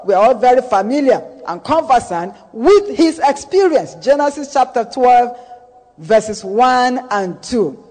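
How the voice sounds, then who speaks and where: A man's voice: very high voice, big pitch swings, darkish tone, big-room sound. A man preaching a sermon, declaiming and repeating key phrases for emphasis, drawing the congregation into call and response. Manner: slow, drawn-out delivery with dramatic pauses.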